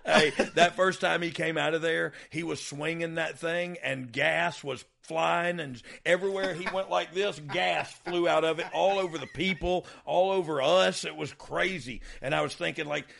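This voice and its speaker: A man with a gravelly, bright voice tells stories on his podcast in a loose, casual way. He laughs often, restarts his sentences and acts out what people said. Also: a little high, steady tone, normal speed, few pauses. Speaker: podcast host, former wrestler. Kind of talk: casual storytelling chat.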